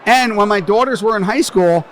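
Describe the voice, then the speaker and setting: A man's voice: high voice, normal speed, fairly bright tone, a little hiss or hum. A middle-aged man from New Jersey, a tax business owner, chatting in an interview as a brash, joking storyteller. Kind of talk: casual interview chat. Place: conference venue.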